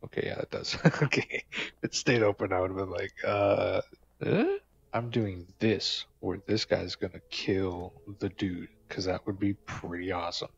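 Gravelly young man joking through gameplay. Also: sits low, little pitch movement, normal speed, dull audio, a little hiss or hum. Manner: joking, swearing, talks to game characters. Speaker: gamer. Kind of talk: casual gameplay commentary.

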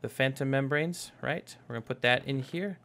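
A man's voice: mid-range voice, normal speed, creaky, a bit bright. A young man giving casual, rambling commentary while playing a building game, joking and correcting himself as he talks. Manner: rambling, self-correcting, jokey. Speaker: gaming YouTuber. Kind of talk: casual Minecraft let's play commentary.

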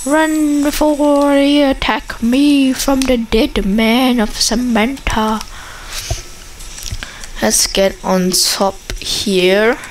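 A woman giving casual, excitable commentary while playing a zombie shooter game, chattering at the game and the enemies. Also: medium pitch, slight background noise, rough recording. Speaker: gameplay commentator.

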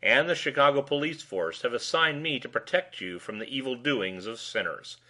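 A man's voice: mid-range voice, expressive, moderate pace, pushed and bright. A man voicing a sly, amused male police lieutenant who talks in a wordy, mock-formal way.

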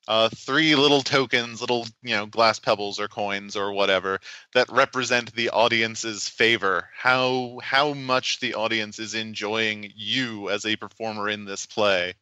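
A man's voice: mid-range voice, fairly even intonation, measured pace, pushed and bright, clear, resonant tone, no echo, poor audio. A man, a game designer, explaining his tabletop game in a podcast interview, thoughtful and full of restarts.

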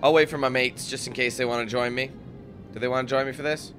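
A man's voice: mid-range voice, fairly even intonation, fast talker, a bit bright, soft background music. A young man casually commentating a game, chatty and swearing when frustrated. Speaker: gameplay commentator. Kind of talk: casual let's play commentary.

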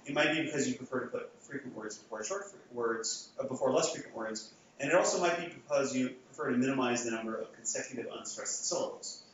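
A man lectures to a room, polling the audience and talking loosely with plenty of fillers and restarts. He sits at a middle pitch, and his voice sounds distant from the mic. It reaches the listener through a heavily echoing hall with a dull, muffled tone. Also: fast talker, hardly any pauses, slight background noise. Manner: conversational, frequent restarts and fillers.

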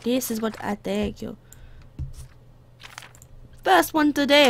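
A woman talks her way through a video game, bantering with the characters and sliding into playful mock accents. Her voice is a touch high and gravelly. Faint noise sits under the recording. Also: slow. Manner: chatty, drifts into playful put-on accents. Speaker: gameplay commentator. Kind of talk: casual let's play commentary.

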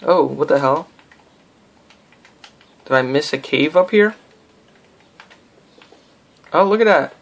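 A man's voice: on the high side, animated, slow, vocal fry, pauses often, a bit bright. A young man giving casual, rambling let's-play commentary, goofing around and talking to himself and the game. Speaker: gameplay commentator.

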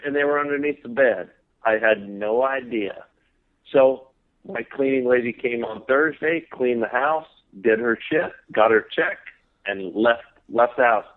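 Texan man telling tales over the phone. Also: medium pitch. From Texas. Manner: profane, laughing, drawling storyteller. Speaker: guest. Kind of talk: casual storytelling on a podcast. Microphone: phone call. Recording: tinny phone line.

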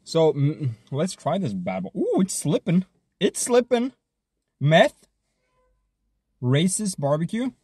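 Hyped, husky-voiced man eating on stream. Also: on the high side, wildly swooping pitch, slow, long pauses, a little mellow, dry recording. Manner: hyped, joking, swears a lot, chews and hums between bites.

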